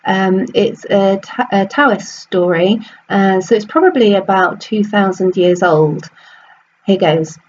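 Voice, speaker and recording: A woman's voice: medium pitch, a little mellow, dull audio, a little hiss or hum. A woman hosting and telling a story in a casual, upbeat way, with ums and small restarts. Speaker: storyteller and host.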